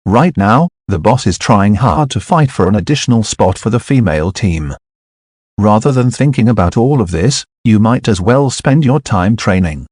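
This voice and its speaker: A man's voice: on the low side, lively intonation, moderate pace, a little mellow, husky, no room sound, clean studio sound. A man reading as a stern middle-aged male swim coach who speaks curtly and admonishingly. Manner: curt, admonishing.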